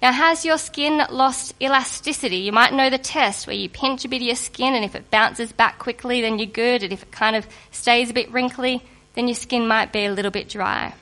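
A woman giving a sermon to a congregation in a lively, conversational and humorous way, just getting over a cold. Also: on the high side, normal speed. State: recovering from a cold. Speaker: preacher.

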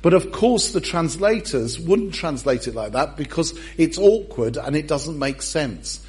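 A man's voice: a little high, very animated, a little slow, darkish tone, slightly rough. A male pastor preaching a sermon, humorous and self-deprecating as he tells the story.

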